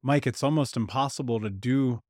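A man hosting a podcast interview, reflective and measured, with casual swearing. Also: mid-range voice, a little mellow, no room sound, clean studio sound. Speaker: podcast host. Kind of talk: conversational interview.

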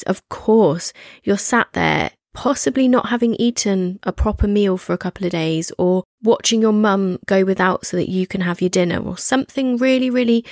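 A woman chatting as a podcast co-host, thinking aloud with lots of fillers. Her voice has a gravelly edge. The sound is dry and close. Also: mid-range voice, darkish tone, no echo. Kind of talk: casual chat.

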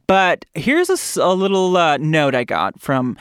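A campy podcast host, a man with a fairly high voice that swoops up and down a lot. He talks in a chatty, playful way, in a dry, close room. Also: very animated, unhurried, fairly bright tone, smooth, no echo. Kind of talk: casual chat.

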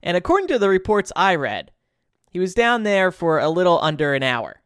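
Man plays relaxed Jesus co-host; lively pitch, dry close sound. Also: fairly quick, clear, resonant tone, no room sound. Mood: easygoing. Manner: easygoing, laughs often, reads out news items. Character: Jesus as God's easygoing adult son and co-host. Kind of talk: improvised comedy podcast chat.

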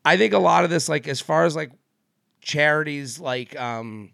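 On the high side and at a moderate pace, this man's gravelly, sharp voice co-hosts a casual podcast chat. He wanders along with many fillers and restarts and laughs a lot. The recording is dry and studio quality.

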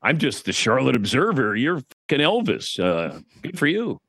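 A man's voice: mid-range voice, huge pitch swings, normal speed, a bit bright, husky, no room sound, clean studio sound. A man in his sixties, a guest sportscaster, telling wry stories in casual chat with frequent restarts.

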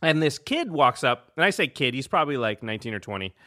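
Animated bright-voiced man telling a story. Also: mid-range voice, fast. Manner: animated, laughs a lot while telling. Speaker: podcast host. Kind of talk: casual storytelling chat.

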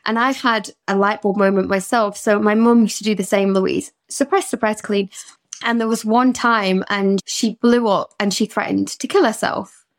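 A woman's voice: medium pitch, fairly even intonation, normal speed. A British woman who works as a therapist talks openly on a podcast. She tells personal stories in a candid, emotional way. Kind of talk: podcast conversation.

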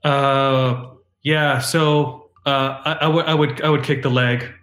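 A man's voice: mid-range voice, flat delivery, fairly bright tone. A man speaking as a brash, reckless male fighter in his own voice, rambling with many fillers and restarts. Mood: boastful. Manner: rambling, halting, full of fillers. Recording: roomy echo.

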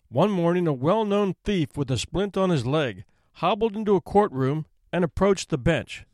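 Expressive male storybook narrator. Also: a little high, normal speed, no echo. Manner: expressive, theatrical reading.

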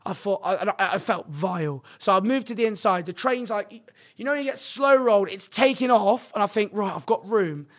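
A young man in casual podcast chat, telling rambling stories full of fillers, in an animated storytelling manner. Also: high-pitched, a little fast. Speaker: podcast guest, streamer.

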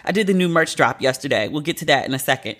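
A podcast host in their thirties, venting in a casual, animated and profane solo monologue. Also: medium pitch, fast.

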